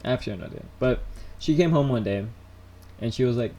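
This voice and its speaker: A young man telling stories on a casual live stream, rambling and animated, full of fillers and restarts. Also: mid-range voice, quick pace. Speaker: vlogger.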